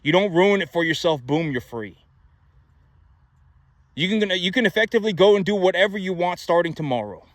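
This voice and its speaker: Man, emphatic, repetitive, rhetorical asides, somewhat high pitch, dry close recording. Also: quick pace, few pauses, no room sound. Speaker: video host giving money advice. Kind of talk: casual motivational monologue.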